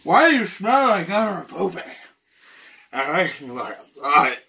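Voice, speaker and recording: A man's voice: fairly high pitch, sing-song, moderate pace, vocal fry, heavy background noise. A man doing a goofy comedy skit, talking in an exaggerated, silly, whiny voice. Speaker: vlogger.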